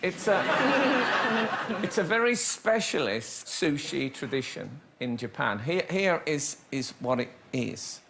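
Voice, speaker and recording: A man's voice: fairly high pitch, very animated, slow pace, creaky. A man hosting a comedy talk show, telling jokey stories to a studio audience. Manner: jokey and playful, laughing often. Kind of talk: comic storytelling before a studio audience. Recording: loud studio audience and noise.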